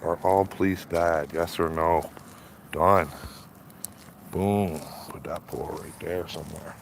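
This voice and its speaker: A man's voice: deep voice, steady tone, slow, creaky, background noise. A man chatting casually on a livestream while walking his dog through his neighborhood, rambling and calling everyone "man". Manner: rambling, repeats greetings, says "man" often. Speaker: livestreaming street auditor. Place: outdoors on neighborhood streets.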